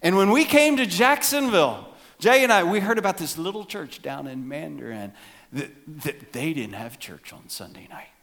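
A middle-aged man preaching a sermon as pastor, animated, acting out voices for emphasis. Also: a little high, normal speed.

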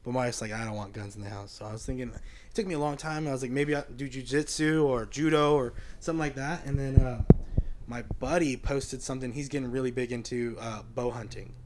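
A man's voice: mid-range voice, fairly even intonation, fairly quick. A man in casual podcast chat, telling stories in a chatty way. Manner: chatty storytelling. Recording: faint background noise.

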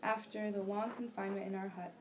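A young woman reading a novel aloud for a class discussion, steady and plain, with small slips and restarts. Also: mid-range voice, fairly quick. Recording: faint background noise.

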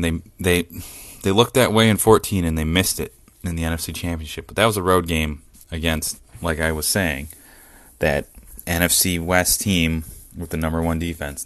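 A man with a very low, deep voice talks through a close podcast mic in a dry, dead room. He rants with excitement, swears freely and breaks into laughs often. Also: moderate pace, dry recording. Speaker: podcast host. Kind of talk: solo sports podcast rant.

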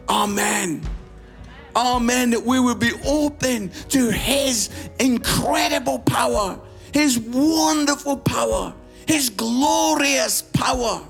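Scottish man, preacher, very high voice, bright tone, fervent sermon, bursts of shouting, faint music underneath. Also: takes it slowly, creaky. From Scotland. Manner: fervent, rising to shouts, storytelling with lots of quoted dialogue. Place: church service.

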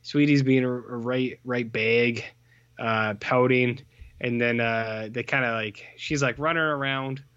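A man's voice: mid-range voice, fairly even intonation, a little slow, fairly bright tone, smooth, dry recording. Man, podcast co-host, rambling profane recap, dry close lo-fi sound. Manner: rambling, filler-heavy, blunt and profane. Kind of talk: casual film recap chat.

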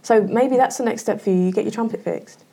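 A woman's voice: a little high, gravelly, mellow, slightly rough. Playful woman hosting a podcast. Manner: playful, teasing, quick reactions. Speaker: host. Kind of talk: casual podcast interview.

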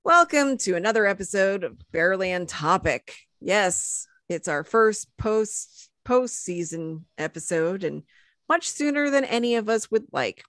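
A woman's voice: mid-range voice, lively intonation, a little slow, fairly bright tone, no echo. A woman hosting a casual sports podcast, rambling and self-deprecating with lots of fillers. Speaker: podcast host.

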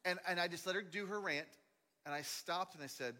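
A man preaching a sermon as a pastor, telling stories animatedly, swinging between loud and hushed delivery. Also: sits high, a little fast. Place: large church auditorium. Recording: long hall reverb.

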